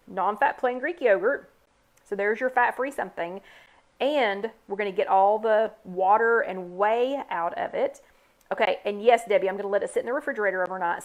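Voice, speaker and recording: A woman hosting a live online chat, casually demonstrating a recipe and talking to viewers by name in an upbeat, chatty way. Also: medium pitch. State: hiccups. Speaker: host. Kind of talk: live cooking demo chat.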